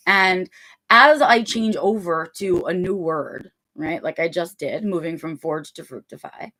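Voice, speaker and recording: Chatty woman hosting a livestream, low voice. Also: unhurried, sharp tone. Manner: chatty, rambling, often checks in with listeners. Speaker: livestream host. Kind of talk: casual livestream talk.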